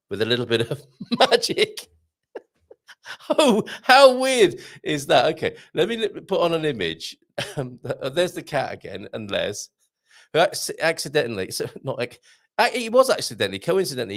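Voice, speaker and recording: A man hosting a live online show, rambling excitably to viewers and reading the chat. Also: mid-range voice, vocal fry. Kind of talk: casual live-stream chat.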